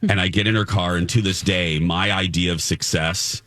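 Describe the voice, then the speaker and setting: A man's voice: sits low, steady tone, normal speed, sharp tone, dry recording, clean studio sound. A man in his thirties hosting a casual radio show, telling a heartfelt story with many restarts. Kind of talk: casual morning show chat.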